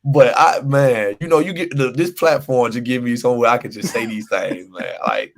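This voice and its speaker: A man co-hosting a sports podcast rants with real heat. He repeats his points and laughs between lines. His voice sits at an everyday middle pitch. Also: moderate pace, creaky. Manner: animated ranting, repeats himself, laughs often. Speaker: podcast co-host. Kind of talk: casual sports chat.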